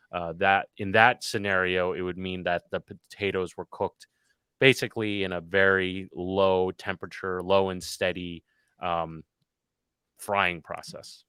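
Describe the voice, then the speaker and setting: A man who is a chef, a podcast guest, patiently explaining a cooking term with measured pauses. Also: low voice, pushed and bright, clear, resonant tone, dry recording.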